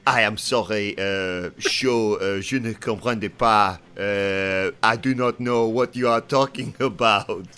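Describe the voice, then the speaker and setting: A man voicing a fake-French male crewman on his first day, with a put-on French accent and halting, formal broken English. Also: fairly low pitch, sharp tone, smooth, voice pushed down. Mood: earnest.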